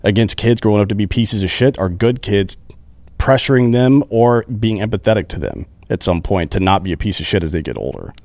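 A man's voice: fairly low pitch, expressive, brisk, a little mellow, dry recording. A man on a podcast earnestly explaining his views on how to help kids. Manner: earnest, explanatory, makes a case. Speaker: guest. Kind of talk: casual podcast chat.

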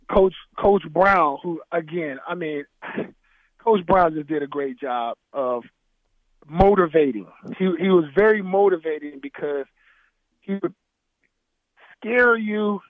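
A man, a former football player, telling stories from his playing days in a casual, animated chat, laughing and acting out his coach. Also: sits high, no room sound. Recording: dry, tinny phone-like sound.

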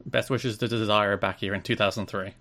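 A man's voice: on the low side, steady tone, a little fast, pushed and bright. A man co-hosting a casual podcast, reading out news items and riffing on them with dry humour. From Ireland. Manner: dry, reads news items then riffs. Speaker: podcast co-host.

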